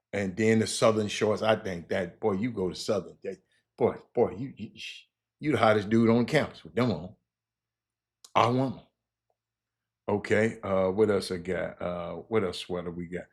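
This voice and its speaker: A man hosts his show in relaxed, chatty fashion, talking straight to viewers. He laughs easily and stumbles over repeated words as he hypes up clothes. His voice sits a little on the low side. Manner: loose, laughing, repeats words while hyping merchandise. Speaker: show host. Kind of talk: casual chat with viewers.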